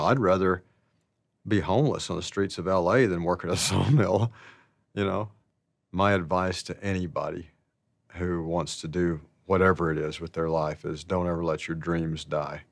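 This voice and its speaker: A man telling stories about his past in a slow, rambling, casual way, laughing often. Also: low-pitched, no room sound. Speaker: interviewee. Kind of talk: casual storytelling.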